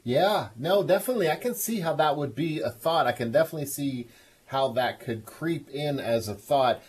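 A man's voice: fairly high pitch, lively intonation, normal speed, husky. A man hosting a call-in advice show, coaching a caller with enthusiastic encouragement. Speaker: radio show host.

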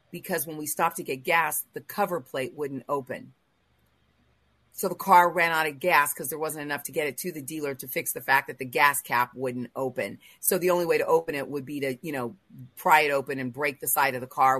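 A woman hosting a faith talk show, telling a personal story in an emotional, animated way with quoted asides. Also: low voice, dry recording. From Los Angeles area. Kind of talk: casual storytelling in a group chat.

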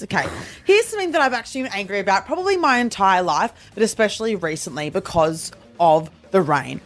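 A woman's voice: medium pitch, lively intonation, fairly quick. A woman, co-hosting a podcast and ranting in exasperation, acting out little quoted exchanges. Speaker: podcast co-host. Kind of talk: ranting casual chat.

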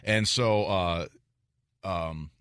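A man co-hosting a radio show in casual chat, telling stories with lively quoted asides. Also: deep voice, drawn-out words, clear, resonant tone, dry recording, clean studio sound. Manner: animated storyteller, acts out quoted lines.

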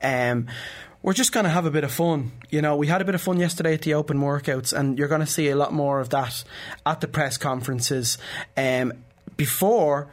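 A man chatting as an impressionist guest on a radio show, relaxed and upbeat. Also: on the high side, moderate pace, hardly any pauses. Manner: relaxed, upbeat, with fillers like listen and you know. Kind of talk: casual radio chat.

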